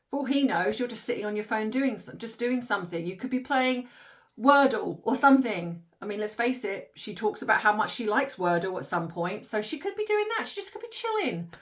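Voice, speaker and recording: A woman's voice: mid-range voice, a bit bright. A woman, likely in her forties, hosting an opinionated commentary monologue, exasperated and ranty, often laughing in disbelief. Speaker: commentary channel host.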